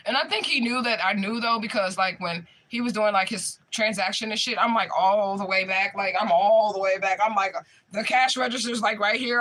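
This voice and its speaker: A woman's voice: mid-range voice, moderate pace, few pauses, a bit bright, slight background noise. A young woman chatting casually with her viewers, telling a story in an emphatic, profane way. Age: young adult. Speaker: spiritual medium streamer.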